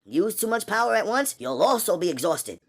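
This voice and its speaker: A man voicing a tough young superpowered woman, speaking fast and high in a cautioning way. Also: very animated, breathy edge, exaggerated voice. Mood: warning.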